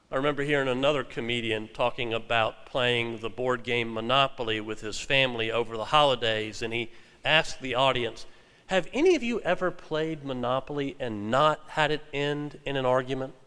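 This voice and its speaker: A man preaching a sermon as pastor, speaking in measured phrases and slowing for emphasis. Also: mid-range voice, fairly bright tone, smooth, big-room sound. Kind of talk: sermon with scripture reading.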